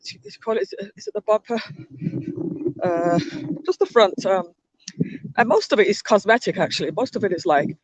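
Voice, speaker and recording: A woman's voice: mid-range voice, big pitch swings, normal speed, pauses often, husky, no echo, dull audio. A woman hosting a livestream, chatting and telling a rambling story while walking outdoors in a park, with frequent restarts. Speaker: livestream host.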